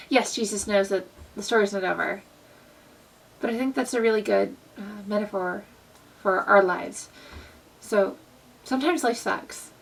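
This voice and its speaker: A woman's voice: mid-range voice, creaky, husky, far from the mic, low-quality recording. A young woman talking in a casual, earnest vlog style about faith, with plenty of fillers. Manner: earnest, conversational, many fillers. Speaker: Christian vlogger. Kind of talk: casual devotional vlog talk.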